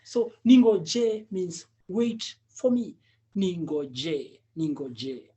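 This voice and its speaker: A man's voice: sits high, very slow, mellow. A man teaching Swahili, patiently drilling each word many times and chuckling often. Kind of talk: language lesson drilling.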